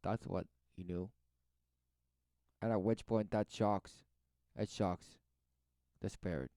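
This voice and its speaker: A man's voice: lowish voice, fairly even intonation, takes it slowly, pauses often, warm tone, no echo, dull audio. A man giving preachy religious commentary as he reacts to a video, in an emphatic, exhorting manner.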